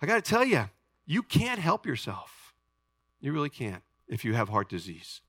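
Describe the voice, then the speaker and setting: Animated, bright-voiced man preaching. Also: on the high side, normal speed, breathy edge, no echo. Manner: animated preaching, calls to the congregation. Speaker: pastor. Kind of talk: sermon. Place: church sanctuary.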